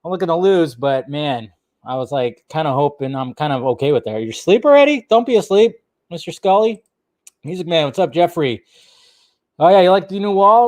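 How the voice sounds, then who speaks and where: A man's voice: high-pitched, animated, fairly quick, dry recording. A man hosting a casual live stream, loosely chatting, swearing and greeting viewers by name.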